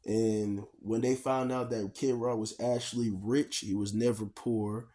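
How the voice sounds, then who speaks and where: A man co-hosting a reaction video, talking in an animated, rambling and profane way. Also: lowish voice, measured pace. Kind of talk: casual reaction chat.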